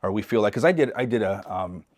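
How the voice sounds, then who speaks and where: Speaking fast with lively intonation, a middle-aged podcast guest from East Los Angeles recounts a story in his fairly low voice. Energetic and animated, he voices the other characters and keeps repeating and restarting as he goes, all in a casual storytelling interview.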